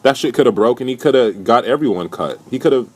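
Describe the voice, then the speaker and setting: A young man recapping a reality show in a casual, profane, animated rant. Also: medium pitch, fast talker. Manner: profane, animated, indignant storytelling.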